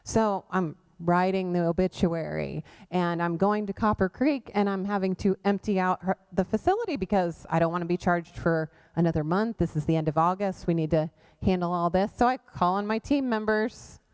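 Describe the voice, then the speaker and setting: Smooth-voiced woman giving a testimony. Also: fairly low pitch, moderate pace, hardly any pauses. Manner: animated storytelling, acting out quoted voices. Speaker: guest speaker at a church women's event. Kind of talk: personal testimony talk. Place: church event space.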